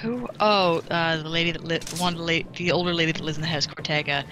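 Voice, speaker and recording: A woman's voice: deep voice, fairly even intonation, fast talker, background noise. A woman co-commentating a game stream in casual chat, rambling with lots of fillers and restarts.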